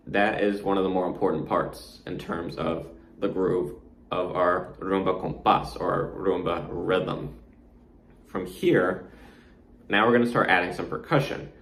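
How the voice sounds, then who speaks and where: A man giving an online guitar lesson, counting beats aloud slowly and demonstrating strums as he explains. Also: deep voice, distant mic. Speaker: guitar instructor. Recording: echoey room with faint noise.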